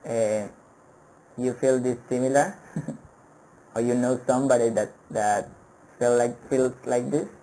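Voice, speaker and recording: Slow-talking male English teacher. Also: medium pitch, steady tone, warm tone, a little hiss or hum, rough recording. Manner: patient, repeats words for pronunciation drills; hesitant with many fillers and restarts. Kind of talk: online vocabulary lesson.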